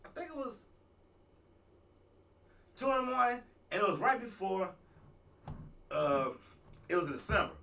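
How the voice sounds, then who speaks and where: A man, a talk show host, telling a rambling, animated story in a casual talk-radio monologue. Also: high voice, unhurried, vocal fry, pauses often, distant mic, a little hiss or hum. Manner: rambling, animated, restarts and asides.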